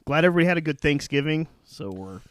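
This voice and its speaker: Lively podcast host man, joking. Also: a little high, fast. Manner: joking, sarcastic. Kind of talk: casual chat.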